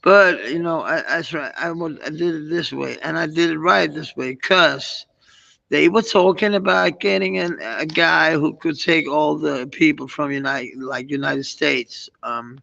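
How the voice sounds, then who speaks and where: A man with a Danish accent chats casually on a live stream, meandering and swearing often with many restarts. His voice is a little high, pushed and bright with vocal fry, and unhurried. The stream audio is dull and lo-fi.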